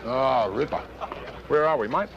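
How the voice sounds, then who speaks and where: A man's voice: medium pitch, a little slow, muffled recording, a little hiss or hum, close to an everyday voice. A man with an Australian accent, a cheerful, brash visitor in a comic lager advert.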